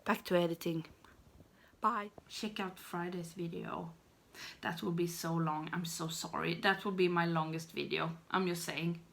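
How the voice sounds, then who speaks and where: Talking casually to her camera, a Swedish woman in her thirties who makes beauty videos rambles, giggles, and pokes fun at herself; Swedish is her first language. Her lowish voice stays steady in tone, a bit bright with some vocal fry, and she talks a little slowly.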